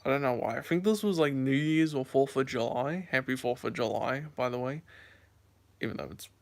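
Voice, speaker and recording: A man's voice: a little fast, creaky. A young man chatting casually to camera, rambling through stories with lots of fillers. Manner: voice jumps high and squeaky when acting out scares. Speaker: vlogger.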